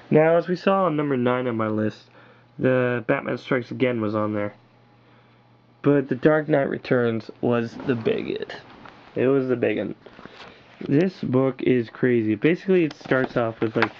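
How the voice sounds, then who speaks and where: A man's voice: medium pitch, dull audio. A man reviewing comic books on camera in a loose, rambling, enthusiastic way, full of filler words. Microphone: built-in camera mic.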